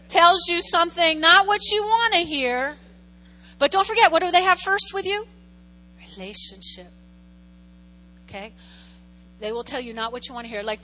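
A middle-aged woman pastor preaching a sermon in a lively, teasing way, speaking straight to her congregation. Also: high voice, big-room sound, rough recording.

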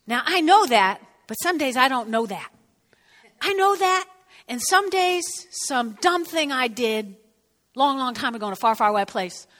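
Animated woman preaching in a reverberant hall. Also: on the high side. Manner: animated, sudden whoops and drops to a hush. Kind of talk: sermon.

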